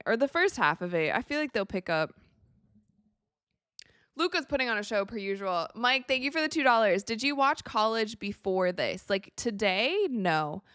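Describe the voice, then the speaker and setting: A young woman from the United States hosting a live watch party, chatting casually with viewers and reacting excitably to the game. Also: mid-range voice, no echo, clean studio sound. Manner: chatty, excitable, reads viewer messages aloud. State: tired, yawning.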